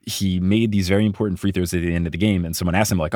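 Male podcast co-host, deep voice, dry close mic, casual chat, laughs a lot. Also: very fast, no room sound. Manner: laughs often, animated storytelling.

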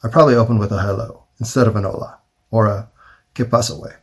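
A man rambling through a wry, self-mocking solo monologue, thinking aloud with pauses. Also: on the low side, steady tone, breathy edge. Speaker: vlogger.

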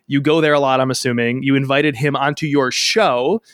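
A man hosting a podcast, asking measured, probing questions in casual conversation. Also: medium pitch, fairly even intonation, fairly bright tone, no echo, clean studio sound. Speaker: podcast host. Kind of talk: casual interview.

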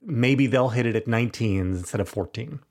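A middle-aged man with a gravelly, fry-tinged voice, spinning a candid anecdote. He talks casually and animatedly on a podcast, swearing now and then. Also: mid-range voice, normal speed, a little mellow. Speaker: podcast co-host. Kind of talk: casual storytelling.

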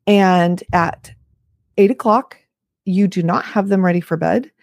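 A woman's voice: fairly low pitch, unhurried, gravelly, a little mellow, dry recording, clean studio sound. Chatty, frank woman in her fifties. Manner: chatty, frank, self-deprecating asides. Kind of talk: casual talk to camera.

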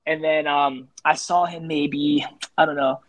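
A man, a street photographer on a podcast, telling lively stories in casual talk and jumping higher in pitch as he retells moments. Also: a little slow, dry recording, muffled recording. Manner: animated, jumps to high pitch when retelling. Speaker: street photographer and interview guest. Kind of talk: casual storytelling.

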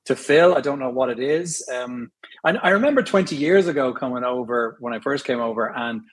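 A middle-aged Irish actor appears as an interview guest, chatting casually, laughing easily, and explaining with examples. His accent is Irish, slightly mixed with London and American. His voice is medium-pitched and lively, fairly quick, with a breathy edge.

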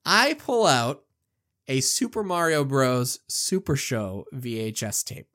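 Animated male podcast storyteller. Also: medium pitch, takes it slowly. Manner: animated, acts out the quotes. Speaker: podcast co-host. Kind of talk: casual storytelling.

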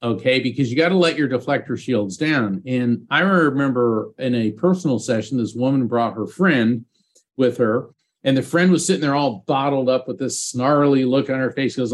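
A middle-aged man, a guest psychic medium, telling animated stories in an interview and acting out quotes. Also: medium pitch, fairly quick. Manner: animated anecdotes with acted quotes. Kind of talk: storytelling interview.

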